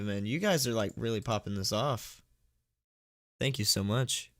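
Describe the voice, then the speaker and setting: Streaming from home, a man reads a horror story at normal speed in a fairly low voice, with studio-quality sound and no echo. He fumbles words, laughs at his own mistakes, and stops between passages to chat with and thank donors.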